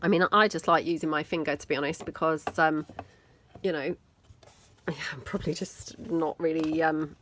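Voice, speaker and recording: Talking at a moderate pace, a British woman with a low-pitched, steady, slightly bright voice hosts a casual mixed media crafting tutorial. There's a little background noise as she chats, thinks aloud and makes gentle jokes at her own expense while working.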